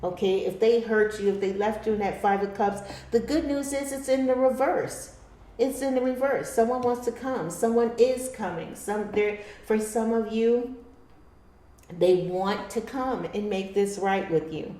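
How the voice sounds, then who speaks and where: A woman's voice: fairly high pitch, unhurried, dark tone. A woman giving a chatty tarot reading to her viewers, calling them her darlings. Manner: chatty, laughs often, addresses viewers as darlings. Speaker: tarot reader. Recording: echoey room.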